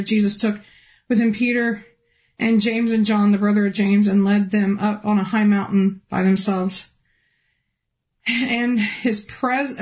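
A woman telling a personal testimony in a halting, restart-filled way, her voice rising high and emotional when she recalls pleading. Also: darkish tone, low-quality recording. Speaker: guest telling a near-death testimony. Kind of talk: personal testimony, casual storytelling.

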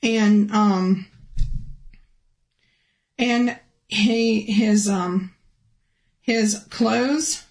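A woman telling a personal testimony in a halting, restart-filled way, her voice rising high and emotional when she recalls pleading. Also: darkish tone, rough recording. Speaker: guest telling a near-death testimony. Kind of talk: personal testimony, casual storytelling.

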